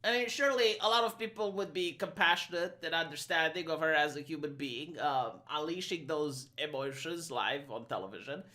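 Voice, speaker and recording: A man with a fairly high, bright, forceful voice and a Romanian accent, from Eastern Europe, streams an argumentative, sarcastic opinion monologue. He tosses in quick mocking impressions.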